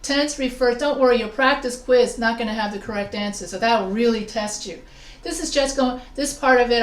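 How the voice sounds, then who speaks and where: Woman teacher going over a grammar quiz, asks the class questions, slightly high voice, roomy echo. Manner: explains slowly with examples, asks students questions. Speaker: writing instructor. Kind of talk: online class lesson.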